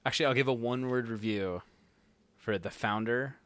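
A man's voice: medium pitch, fairly bright tone, clean tone, no echo. Young guy cohost cracking jokes about movies, close dry mic. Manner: joking, quick teasing asides. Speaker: podcast co-host. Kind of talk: casual movie review chat.

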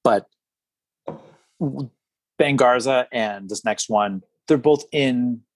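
A man's voice: medium pitch, takes it slowly, no echo. A man co-hosting a podcast, chatting casually about films and often restarting his sentences. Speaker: podcast co-host. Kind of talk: casual film discussion.

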